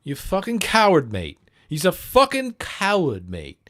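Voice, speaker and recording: A man's voice: high voice, wildly swooping pitch, measured pace, fairly bright tone, voice pushed up, exaggerated voice. A man voicing a mocking, blustering British pundit in a put-on British accent, overemphasizing every word.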